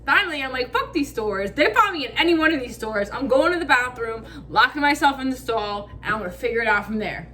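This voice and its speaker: Animated, bright-voiced woman telling a story. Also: high voice, a little fast, hardly any pauses. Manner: animated, acts out quotes, frequent "like" fillers; swears freely, casual slang. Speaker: vlogger.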